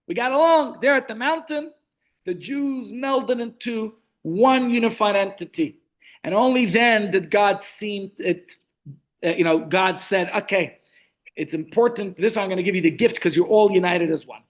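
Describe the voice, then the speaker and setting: A middle-aged man teaching a Torah class over a video call, chatty, with asides and restarts. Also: high voice.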